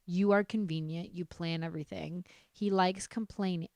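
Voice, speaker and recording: A woman's voice: fairly low pitch, moderate pace, no echo. A young adult woman hosting a podcast, reading online stories aloud and breaking off into heated, profane reactions. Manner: animated, swears often, reacts heatedly while reading. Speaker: podcast host. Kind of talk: casual podcast chat reading reddit stories.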